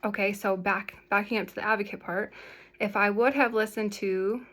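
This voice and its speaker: A woman's voice: medium pitch, steady tone, normal speed, fairly bright tone. A young woman talking casually to the camera in a vlog, rambling and filling her speech with "like". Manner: chatty, rambling, full of "like" fillers. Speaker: vlogger sharing her health story.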